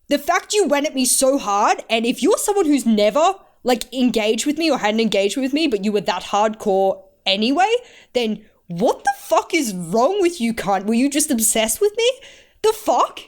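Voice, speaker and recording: Chatty woman with a softened Australian accent. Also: fairly high pitch, normal speed. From North Queensland, Australia. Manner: chatty, animated, frank, swears freely. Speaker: esports analyst guest. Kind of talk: casual podcast chat.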